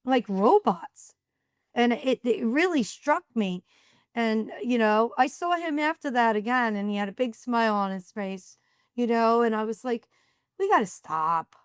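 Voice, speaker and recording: Middle-aged woman telling lively stories. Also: a little high, normal speed, clear, resonant tone, no echo, studio quality. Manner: animated storyteller acting out dialogue. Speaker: guest. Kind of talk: casual storytelling.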